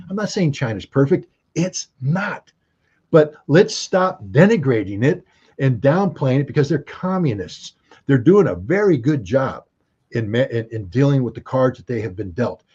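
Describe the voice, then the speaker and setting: Husky, dark-voiced American man; forceful guest pundit who argues with rhetorical questions. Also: medium pitch, expressive, moderate pace, highs cut off. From United States. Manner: emphatic and argumentative, fond of rhetorical questions. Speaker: guest commentator. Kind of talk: opinionated interview commentary.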